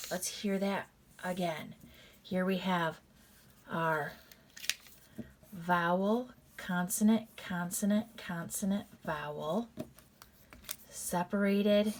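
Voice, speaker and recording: A woman with a lowish voice teaches a reading lesson at an unhurried pace. She lays out each pattern piece by piece and repeats it. She talks to her class in a casual way, calling them "you guys". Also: fairly even intonation, a little hiss or hum. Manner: slow, deliberate, repeats patterns step by step.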